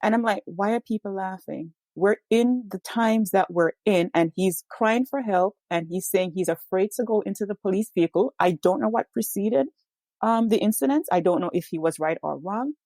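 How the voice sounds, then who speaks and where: A woman's voice: medium pitch, moderate pace, warm tone, no echo. A woman, a guest educator speaking earnestly and emphatically in a discussion. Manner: earnest and emphatic, frequent "yes".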